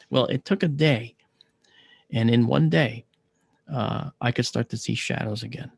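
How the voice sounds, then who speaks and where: A man, an astronomer, telling a personal story in an animated way and acting out the dialogue. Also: medium pitch, slow, gravelly, slightly rough, no room sound, clean studio sound. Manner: acts out dialogue in lively quoted voices. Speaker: astronomer recounting a personal experience.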